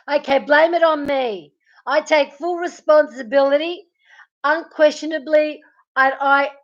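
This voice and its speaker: Brief: high-voiced woman, slow and giggly live stream host, muffled lo-fi audio. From Melbourne, Australia. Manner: giggly, teasing, talks to chatters by name. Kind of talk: casual live stream chat, reading viewer comments.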